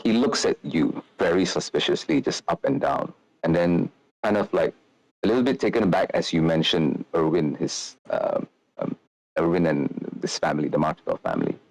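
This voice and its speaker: Deep-voiced male game master, rambling. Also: very animated, normal speed, creaky, a little mellow, no echo, poor audio. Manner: rambling, filler-heavy description. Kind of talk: narrating a tabletop game.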